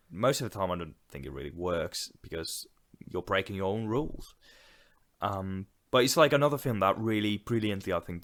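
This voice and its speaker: This is a man with a low, deep voice chatting casually about films as a podcast co-host. He is reflective and agreeable, and he often backs up his partner with quick affirmations. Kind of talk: casual film discussion.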